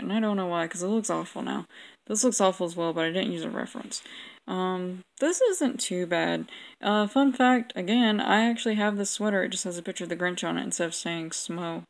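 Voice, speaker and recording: A woman's voice: fairly low pitch, vocal fry, rough recording. A young woman vlogging casually, rambling and mocking herself with lots of ums. She has a sore throat and keeps smacking her lips. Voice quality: lip-smacking. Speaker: vlogger reviewing her old drawings. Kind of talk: casual chat.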